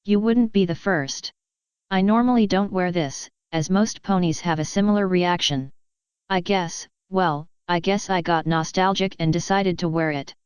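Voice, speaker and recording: A woman's voice: lowish voice, moderate pace, clean tone, no room sound, natural voice. A woman voicing an ancient pony princess, a former warrior turned mentor, who speaks in a formal, commanding way. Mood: gentle.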